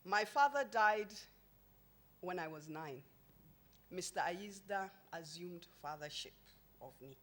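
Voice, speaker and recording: A woman's voice: fairly low pitch, takes it slowly, pauses often. A woman, a company founder, speaking at a podium microphone before an event audience, mixing a formal speech with humorous, emphatic anecdotes. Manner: humorous storytelling, emphatic and lively.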